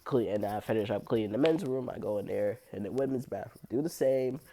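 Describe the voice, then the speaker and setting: A young woman with an unusually low voice, telling a blunt, profane story about her cleaning job in a casual vlog. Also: fairly quick, warm tone, slight background noise. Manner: blunt, profane, heavy use of "like", laughs often. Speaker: restroom and locker room cleaner.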